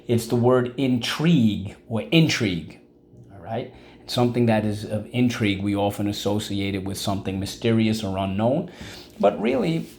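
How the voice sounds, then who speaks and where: A man's voice: on the low side, expressive, moderate pace, a little mellow, a little hiss or hum. A man teaching a vocabulary lesson, repeating words syllable by syllable and asking the class questions. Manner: asks class-style questions like "What's the word?".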